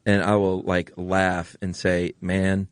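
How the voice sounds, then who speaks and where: An American man with a General American accent, co-hosting a casual podcast. He talks in a low voice and gushes, often repeating himself. The recording is dry and close. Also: moderate pace, no echo. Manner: gushing, enthusiastic, repeats himself. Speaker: podcast co-host. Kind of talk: casual chat.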